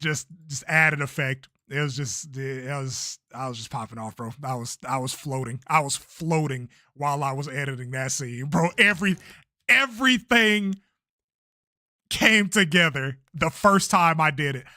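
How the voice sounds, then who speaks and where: A man's voice: medium pitch, normal speed, few pauses, pushed and bright, no echo, clean studio sound. A young man chatting casually on a livestream about his own video, laid-back and swearing freely. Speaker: streamer and creator.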